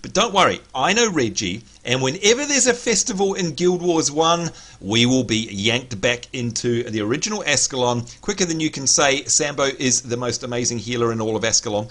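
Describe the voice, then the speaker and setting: Bright, excitable gaming-stream host. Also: male voice, mid-range voice, brisk, few pauses. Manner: excitable, chatty, addresses viewers by name. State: slightly hoarse. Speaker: livestream host. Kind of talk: casual gaming livestream chat.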